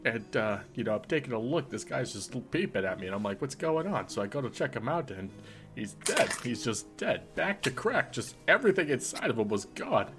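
A man's voice: mid-range voice, sing-song, fairly quick, music in the background. A man voicing a shifty male henchman who hesitates, stammers and tries to please his boss in a tabletop game. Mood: evasive. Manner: hesitant, full of "uh", wheedling.

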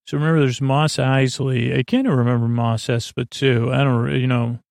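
Gravelly man, flat delivery, halting casual recap host, lots of "uh"s, dry close mic. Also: mid-range voice, no echo. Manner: halting, many fillers and restarts. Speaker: podcast host.

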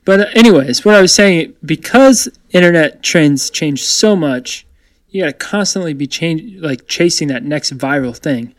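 A man's voice: fairly high pitch, expressive, moderate pace, no room sound. A young man in casual chat as a co-host, upbeat and joking, with a theatrical streak.

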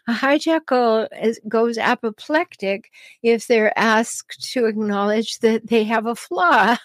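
A woman hosting an advice podcast, answering listener questions in a calm, chatty way with frequent ums and small laughs. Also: fairly high pitch, dry recording. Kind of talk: advice talk show.

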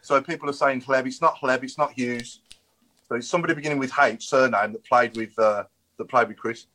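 A man's voice: mid-range voice, brisk, bright, forceful tone. A man hosting a fan podcast, running a guessing game and repeating his words as he goes. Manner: running a quiz, repeats himself. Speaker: podcast host. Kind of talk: casual chat.

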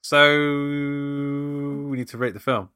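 A man's voice: on the high side, flat delivery, slow, bright, forceful tone, smooth, no echo, studio quality. A man co-hosting a casual podcast, running a playful movie-quote quiz and laughing often. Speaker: podcast co-host. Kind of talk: casual chat, quiz game.

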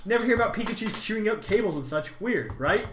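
A man's voice: high-pitched, big pitch swings, fast. A young man co-hosting a casual podcast, reading listener letters aloud with teasing jokes. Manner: jokey, reads letters aloud with teasing asides. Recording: echoey room with faint noise.

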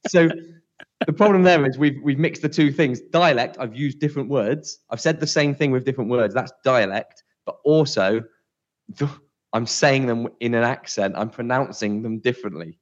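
With a West Country accent from around Bristol, this man co-hosts a podcast, wandering casually and joking at his own expense. He speaks at a moderate pace in a mid-range voice, captured on dull audio.

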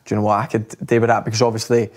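A man telling a casual anecdote in an animated, laughing way. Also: fairly low pitch, rapid-fire. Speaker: guest telling a story.

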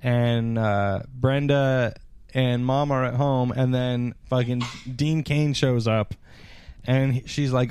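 A man's voice: mid-range voice, steady tone, slow pace, a little mellow, clean tone. A man on a podcast mic, casually recapping a TV episode, laughing and acting out the characters in exaggerated voices. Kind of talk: casual chat. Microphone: handheld podcast mic.

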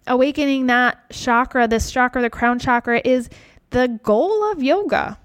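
Dry, higher-voiced woman podcast host. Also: unhurried, no echo. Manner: reflective and conversational, piling up repeated phrases for emphasis. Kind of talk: casual podcast monologue on yoga and wellness.

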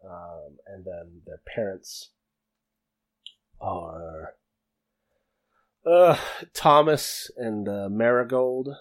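Halting man running a tabletop game. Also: lowish voice, lively intonation. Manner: halting, many fillers and restarts. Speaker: game master.

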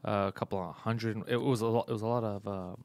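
A man's voice: fairly low pitch, steady tone, fast, darkish tone, dry recording. A man hosting a casual livestream chat, a teasing, profane storyteller who sounds tired from travel. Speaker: comedian and podcast host.

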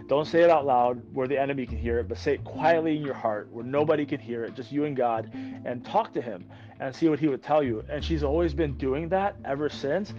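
Veteran man guest, earnest and excited storyteller, muffled lo-fi sound under faint music. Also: mid-range voice, a little fast. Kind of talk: conversational podcast interview.

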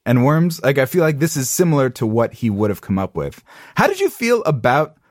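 A man's voice: medium pitch, no echo, clean studio sound. A man co-hosting a podcast, chatting casually and playfully about a TV episode over a video call. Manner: animated, quick asides, playful quoted voices. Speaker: podcast co-host. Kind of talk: casual recap chat.

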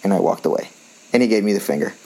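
A man from Colombia, co-hosting a podcast and telling stories in a lively, laughing way. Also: fairly low pitch, very fast, low-quality recording. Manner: animated, laughing, acts out quoted people. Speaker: podcast co-host. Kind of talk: casual storytelling chat.

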